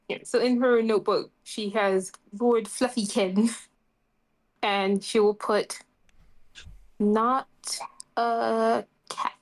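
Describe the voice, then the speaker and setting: A woman's voice: mid-range voice, fairly even intonation, takes it slowly, a little mellow. A woman playing in a tabletop game, chatting in a playful, casual way. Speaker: player.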